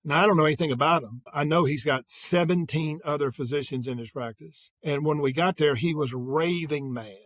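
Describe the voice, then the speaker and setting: An older man in an interview, telling energetic anecdotes and acting out quoted dialogue. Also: fairly high pitch, fairly quick, hardly any pauses, no echo. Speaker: guest, sales executive. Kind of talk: conversational interview storytelling.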